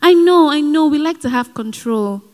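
A woman preaches with earnest urgency, mixing exhortation with personal asides. Her voice sits high, and each phrase rings on in a large hall with long reverb. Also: animated, normal speed, a little mellow. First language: not given. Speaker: speaker at a Christian gathering. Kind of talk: sermon.

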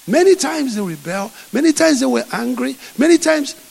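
A man preaching a sermon, telling a Bible story with lively acting. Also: extremely high pitch, normal speed, creaky. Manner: animated storytelling, acting out scenes. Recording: echoey hall.

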